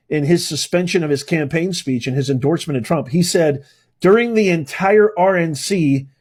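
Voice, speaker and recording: A man with a high, husky voice hosts a political commentary livestream. He rants with heated indignation and often stacks phrases into fiery lists. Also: a little mellow. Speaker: host.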